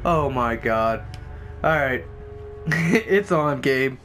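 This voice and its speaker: A young man doing casual, profane let's-play commentary who swears a lot and gets excited easily. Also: mid-range voice, very slow, soft background music. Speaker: gameplay commentator.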